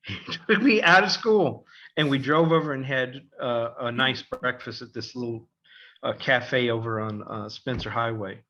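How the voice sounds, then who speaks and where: A man's voice: medium pitch, moderate pace, lo-fi sound. A middle-aged man, a podcast co-host, telling a story in casual chat and acting out the voices of the people in it. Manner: animated, acts out quoted voices, laughs often.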